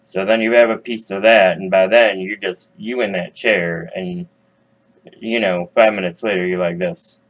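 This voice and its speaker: A man with a fairly low voice retells a fairy tale as a crude comedy routine, swearing freely and breaking off to chat with his listeners. His delivery is casual and rambling. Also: fairly even intonation, normal speed, poor audio. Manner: loose, profane, chatty asides. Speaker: storyteller. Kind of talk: casual comic storytelling.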